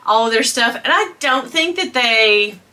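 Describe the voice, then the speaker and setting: Casting: woman in her fifties, bright, animated voice, haul vlogger gushing over gifts. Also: fairly high pitch, unhurried. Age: 50s. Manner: gushing, squeals and gasps with delight, talks to viewers as girl and y'all. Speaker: beauty and fashion vlogger. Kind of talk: excited haul video chat.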